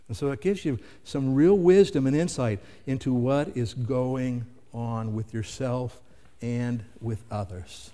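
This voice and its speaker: A man's voice: mid-range voice, a little mellow. Older male preacher in a reverberant hall. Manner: conversational preaching with rhetorical questions. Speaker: pastor. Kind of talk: sermon.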